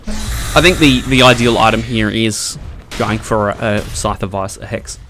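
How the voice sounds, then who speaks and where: A young man casually commenting on his own gameplay, chatty and quick to laugh, getting excitable in tense moments. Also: mid-range voice, slight background noise. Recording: faint background music.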